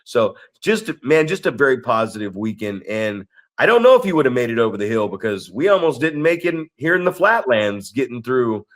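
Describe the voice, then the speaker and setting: A man's voice: mid-range voice, big pitch swings, a little fast. A man co-hosting a podcast, telling a story in casual chat, rambling and restarting his sentences. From Northern California. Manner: rambling, restarts sentences, acts out quoted people. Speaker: podcast co-host.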